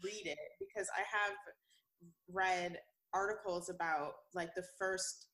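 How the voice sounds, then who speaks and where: A woman's voice: on the low side, fairly even intonation, unhurried, a bit bright, poor audio. A young woman chatting casually on a podcast, rambling through her thoughts with lots of fillers and frequent laughter.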